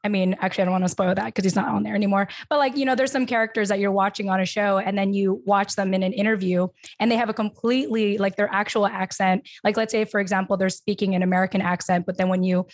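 A woman's voice: medium pitch, steady tone, fast, hardly any pauses, no echo. A woman hosting a podcast interview, asking questions in a chatty way full of "you know" and "like". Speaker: podcast host. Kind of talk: casual interview chat.

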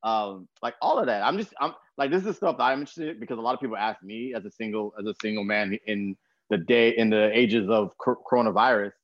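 A man's voice: on the low side, fast, highs cut off, a little hiss or hum. A young man hosting a podcast, chatting in a laid-back, slangy, joking way. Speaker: podcast host. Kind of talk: casual interview chat.

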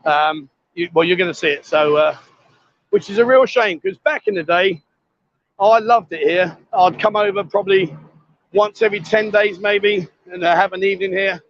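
A man's voice: high-pitched, normal speed, dull audio. Chatty man on a street stream. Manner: chatty, jokey, greets people loudly on the street. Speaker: livestream host. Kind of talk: casual walkabout livestream. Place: outdoor street market at night.

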